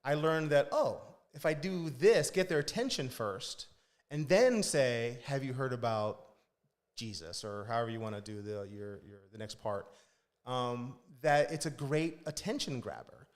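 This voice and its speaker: His mid-range voice is expressive and unhurried as he, a director of a church's children's ministry, shares stories in an easygoing podcast conversation. He acts out kids' voices along the way, and the sound comes from a podcast studio mic.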